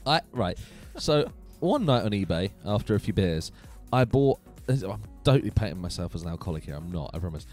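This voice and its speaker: A man hosting a casual gaming live stream from his home computer room, chatty and animated, laughing often. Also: sits low, brisk, hardly any pauses, soft background music.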